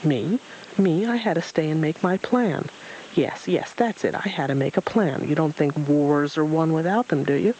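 A man's voice: a little high, moderate pace, darkish tone, a little hiss or hum, natural voice, low-quality recording. A man voicing a self-important old owl in a storybook reading, scolding and huffy. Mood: defensive. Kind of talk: storybook read-aloud.

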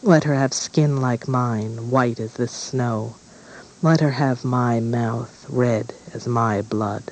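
A man voicing a dark-haired first queen who speaks a slow, incantatory wish in a storybook reading. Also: medium pitch, fairly even intonation, slight background noise, rough recording.

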